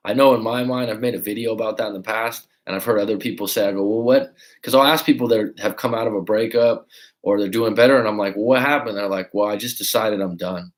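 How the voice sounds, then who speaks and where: A man coaching on a livestream, talking casually and telling stories with swearing and acted-out quotes. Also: mid-range voice. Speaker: life coach. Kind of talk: livestream advice talk.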